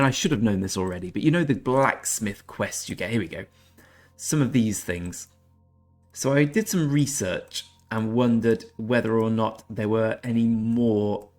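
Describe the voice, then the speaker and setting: A man hosting a gaming channel, giving chatty, self-deprecating commentary over his gameplay. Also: fairly low pitch.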